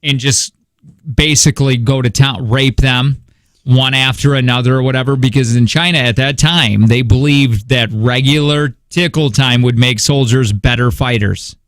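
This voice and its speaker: A man's voice: mid-range voice, fairly even intonation, moderate pace, a bit bright, no echo. A man hosting a morning radio show, joking and laughing often through rambling casual banter in a studio. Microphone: studio microphone.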